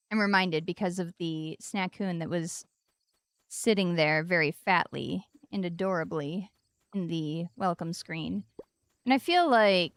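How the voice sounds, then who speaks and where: A woman in her forties chatting casually while streaming a game, playful and jumping into high sing-song stresses on odd syllables, close to the mic. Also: clear, resonant tone, dry recording. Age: 40s.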